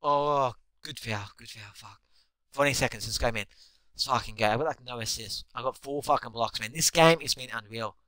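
A young man giving live commentary on his own basketball video game, excitable and swearing constantly as he yells at teammates. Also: medium pitch, normal speed, dry recording. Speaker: gamer.

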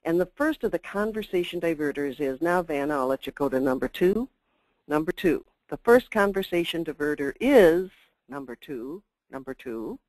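A woman's voice: sits low, animated, normal speed, a little mellow, no room sound, poor audio. An older woman giving a chatty, emphatic customer service webinar talk with asides. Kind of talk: webinar presentation.

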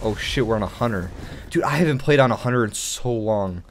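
Brief: young male gaming host, casual, swears often, very animated pitch. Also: fairly quick, a little hiss or hum. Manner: excitable, swearing, with sudden outbursts. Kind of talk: casual gameplay commentary.

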